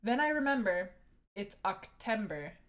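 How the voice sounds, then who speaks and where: A woman reading the lines of a deadpan young woman in a video game, slow and flat. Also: mid-range voice.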